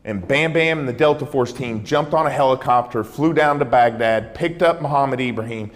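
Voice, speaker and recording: A man giving a dramatic storytelling talk as a keynote speaker, acting out dialogue and dropping low and soft for tense quotes. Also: brisk, a little hiss or hum. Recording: reverberant hall.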